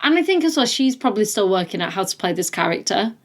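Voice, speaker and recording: A woman in her thirties, co-hosting a podcast in relaxed casual chat with short agreeable replies. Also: medium pitch, fast talker. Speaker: podcast co-host.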